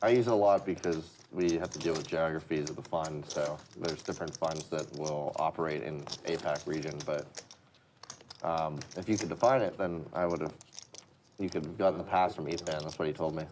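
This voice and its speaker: A man with a very low voice, bantering casually on a poker stream. He teases and jokes with his co-hosts in a relaxed way. A faint hiss sits under his voice. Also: a little fast. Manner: teasing, joking. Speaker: stream co-commentator.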